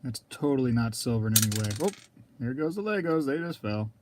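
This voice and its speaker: A man hosting a casual live stream, rambling to viewers in chat and clearing his throat often. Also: mid-range voice, animated, a little fast, a little mellow, a little hiss or hum. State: throat scratchy, keeps coughing.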